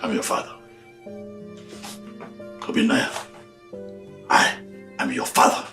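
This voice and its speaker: A man's voice: slow pace, natural voice. An actor playing a stern middle-aged father who scolds his grown son firmly. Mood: scolding. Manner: firm, scolding. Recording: echoey film audio under violin music. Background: violin score.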